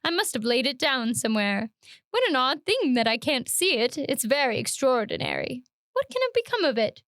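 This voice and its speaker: A woman's voice: sits high, big pitch swings, normal speed, fairly bright tone, no room sound, clean studio sound, full character voice. Sweeney Todd, sinister barber, voiced by a woman. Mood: oily. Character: sinister, oily male barber, menacing. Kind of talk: dramatic read-aloud.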